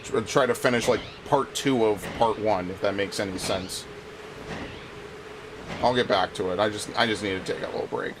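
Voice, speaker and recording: A man's voice: lowish voice, moderate pace, background noise. A man streaming a video game, chatting casually in a rambling, frustrated way, swearing often and restarting his sentences. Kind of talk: casual live-stream chat while playing.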